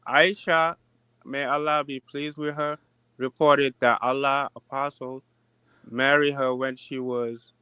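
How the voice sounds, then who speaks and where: A man's voice: mid-range voice, little pitch movement, pushed and bright, smooth, dry recording, highs cut off. A man in his forties calling in to a debate show, speaking hesitantly with many restarts. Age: 40s. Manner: hesitant, halting with fillers. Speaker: caller. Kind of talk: call-in debate.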